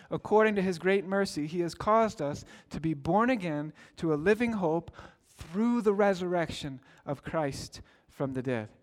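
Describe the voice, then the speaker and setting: High-voiced man preaching a sermon. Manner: earnest preaching with rising emphatic exclamations. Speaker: pastor.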